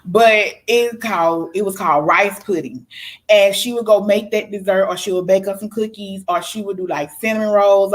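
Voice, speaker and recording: A young adult woman hosting a podcast, candidly telling her own life story in a conversational monologue with frequent fillers. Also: on the low side. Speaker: podcast host.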